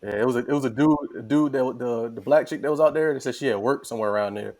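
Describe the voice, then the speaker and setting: Man, podcast co-host, casual chat, laid-back and slangy, mid-pitched. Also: fast, a little mellow.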